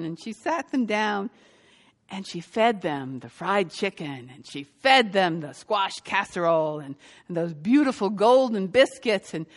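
A woman pastor giving a sermon and telling a story, growing lively as she recounts it. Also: medium pitch, big-room sound. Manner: storytelling, lively when quoting.

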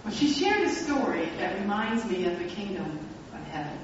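A pastor telling a story in a sermon, speaking reflectively and slowing down for emphasis. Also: mid-range voice, very animated, noisy background. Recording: echoey hall, distant mic, dull sound.

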